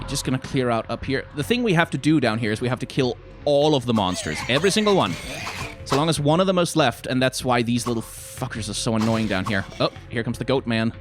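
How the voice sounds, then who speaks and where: A man giving casual gameplay commentary as a let's play host, thinking aloud and swearing now and then. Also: mid-range voice. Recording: game music playing loudly underneath. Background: game music.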